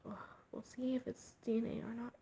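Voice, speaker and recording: Husky, halting young woman vlogging. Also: a little high, flat delivery, dark tone. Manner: emotional, halting, trails off into near-whispers. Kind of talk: personal vlog confession.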